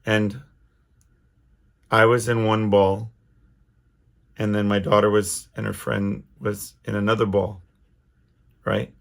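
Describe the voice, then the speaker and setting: A man's voice: fairly low pitch, flat delivery, slow, gravelly, long pauses. A middle-aged man hosting his own podcast, talking alone in a casual, rambling way with lots of restarts and fillers. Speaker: podcast host. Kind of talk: casual solo monologue.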